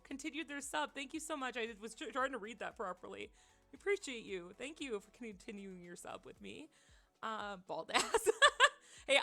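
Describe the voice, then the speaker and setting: A woman's voice: a little high, bright, forceful tone. A young woman streamer telling a story in casual chat, giggling often and using lots of filler words.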